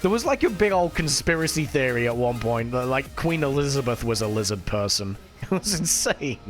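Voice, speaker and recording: A man's voice: medium pitch, very animated, fairly quick. A man chatting casually with his live-stream chat while he plays, swearing now and then. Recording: faint music behind.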